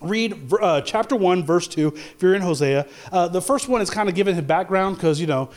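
A pastor with a high-sitting, slightly fast voice preaches to his congregation in church, telling a funny personal story, voicing the lines he quotes, and building to emphatic preaching.

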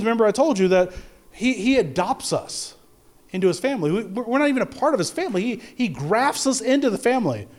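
A man's voice: sits high, a little mellow. A man preaching a sermon in a conversational way, with stumbles and restarts, rising to emphatic peaks. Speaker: pastor.

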